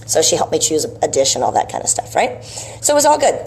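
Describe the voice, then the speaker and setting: A woman's voice: deep voice, very animated, fast, vocal fry, darkish tone, husky. A woman vlogging about health, telling a rambling story in a casual, chatty way and checking in with "right?" asides.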